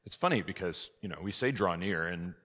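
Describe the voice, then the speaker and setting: Low-voiced male priest teaching a class, lively and questioning, in a reverberant hall. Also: fairly quick. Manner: lively, rhetorical questions, emphatic outbursts. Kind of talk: conversational church class teaching. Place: church hall.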